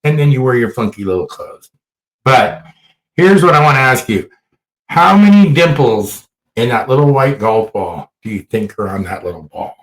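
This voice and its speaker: A man hosting a casual podcast chat, telling fun facts in a crude, joking, animated way. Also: mid-range voice, moderate pace, echoey room, low-quality recording. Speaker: podcast host.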